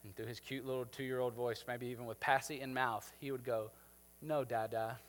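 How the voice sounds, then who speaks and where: A man's voice: medium pitch, level tone, a little fast, a bit bright. A man in his thirties preaching a sermon, talking conversationally and checking in with the congregation. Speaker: pastor. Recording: long hall reverb.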